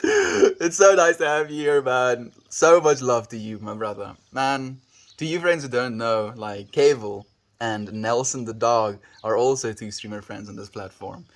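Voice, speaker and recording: A man streaming live, greeting his viewers by name and reading their messages aloud in an earnest, affectionate way with soft sighs. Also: medium pitch, a little slow. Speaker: livestreamer. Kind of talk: casual livestream chat.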